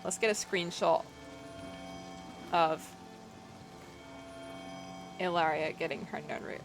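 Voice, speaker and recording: Over background music, a woman with a lowish voice speaks slowly while streaming a game. Her commentary is casual, reacting to gameplay and welcoming viewers with playful self-deprecation.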